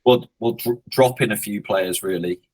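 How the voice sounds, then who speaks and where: Over poor audio, a man who coaches a rugby club discusses his team in a relaxed podcast interview at a moderate pace, his voice lowish. He's reflective, often restarts hesitantly, and gets blunt with swearing when joking around.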